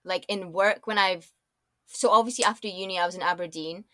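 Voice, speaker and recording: A young woman with a mixed accent that people often hear as American, talking casually as an interview guest. She laughs often and talks in loose sentences full of "like" and restarts. The recording is dry and close, at middle pitch. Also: steady tone, fairly quick, fairly bright tone, no room sound. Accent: mixed, often taken for American or Canadian. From born in Dubai, raised in Scotland. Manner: chatty, laughs often, many likes and restarts. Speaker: guest, designer.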